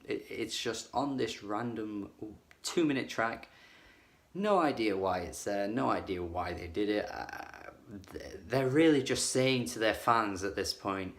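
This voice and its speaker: A man with a somewhat low voice talks through an album review in a loose, casual way. He is blunt and critical, and he leans on fillers like "like" and "um" as he goes. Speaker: music reviewer.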